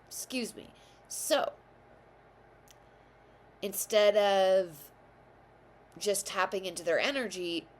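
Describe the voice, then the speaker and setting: Slow, low-voiced woman reading tarot. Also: a little hiss or hum. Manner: meandering, hesitant and self-correcting. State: has the hiccups. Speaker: tarot reader and channel host. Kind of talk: casual tarot reading to camera.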